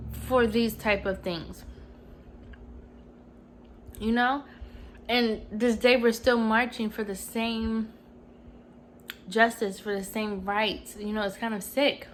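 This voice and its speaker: A woman's voice: medium pitch, a little hiss or hum, poor audio. A woman in her twenties talking casually and earnestly to her camera at home, rambling with many "you know"s. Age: 20s. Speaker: vlogger. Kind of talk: casual personal vlog. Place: at home, TV on mute.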